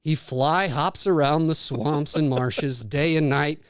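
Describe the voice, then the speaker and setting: A man's voice: fairly high pitch, takes it slowly, clear, resonant tone, no echo, clean studio sound. A young man co-hosting a podcast, joking around and reading a silly backstory in a playful way. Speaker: podcast co-host. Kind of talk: casual chat, reading a made-up backstory.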